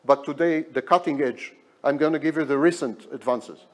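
A man's voice: a little high, moderate pace. A man lecturing at a hospital, emphatic and repeating key words for effect. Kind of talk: academic lecture.

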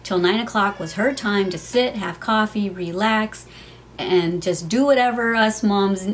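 A woman's voice: mid-range voice, normal speed, slight background noise. A middle-aged woman vlogging from her home, telling a heartfelt personal story in a chatty way, with many fillers.

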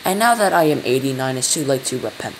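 A man's voice: medium pitch, lively intonation, quick pace, a little hiss or hum, natural voice, low-quality recording. A man voicing a bossy old nanny in her eighties, scolding and reciting a sing-song rhyme in a storybook reading. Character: old bossy female nanny, vice president.

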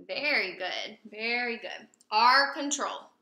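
A young woman teaching a phonics lesson to young pupils, patient and prompting, pausing for answers and praising them. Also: a little high, pushed and bright. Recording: roomy echo.

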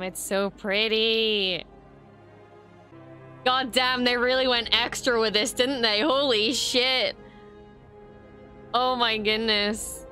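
Woman, reaction video host, bright tone, a bit high, excitable, gushing, swears a lot. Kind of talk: live reaction commentary.

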